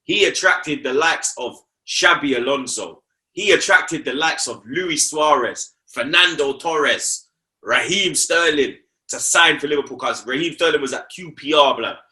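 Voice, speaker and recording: A man's voice: fairly high pitch, a little slow, sharp tone. A young man, talking football on a casual podcast, slangy and repeating himself for emphasis.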